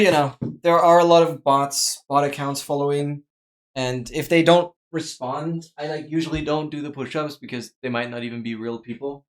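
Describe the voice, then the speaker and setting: Chatting casually over a live gameplay stream, an excitable streamer with a mid-range voice exclaims often and repeatedly thanks viewers.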